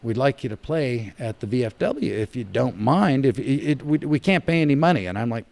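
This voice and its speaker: A man from the United States, a podcast guest, telling a long story with big swings between loud and soft. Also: mid-range voice, expressive, brisk, vocal fry, hardly any pauses.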